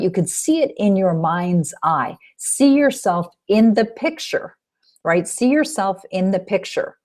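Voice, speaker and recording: A woman's voice: fairly low pitch, darkish tone. A woman self-help coach teaching on a webinar call, upbeat and emphatic, asking rhetorical questions.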